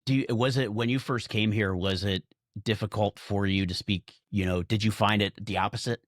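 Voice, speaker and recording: A man's voice: fairly low pitch, fairly even intonation, normal speed, no echo, clean studio sound. An American man hosting a podcast, easygoing, laughing along and asking follow-up questions. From United States. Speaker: podcast host. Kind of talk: casual podcast chat.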